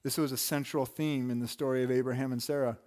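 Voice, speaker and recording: A man's voice: medium pitch, fairly even intonation, fast talker, darkish tone. A man preaching a sermon in a loose, conversational way, full of asides and restarts. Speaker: pastor.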